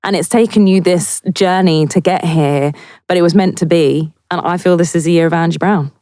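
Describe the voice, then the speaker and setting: A woman's voice: on the low side, steady tone, moderate pace, warm tone, dry recording. A woman hosting a podcast, chatting casually with her guest in an encouraging way. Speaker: podcast host. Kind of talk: casual interview chat.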